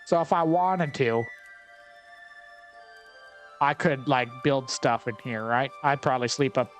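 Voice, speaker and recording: A man's voice: medium pitch, measured pace, soft background music. Wry man chatting through gameplay. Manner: wry, chatty, thinks aloud. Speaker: gameplay commentator. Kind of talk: casual gameplay commentary.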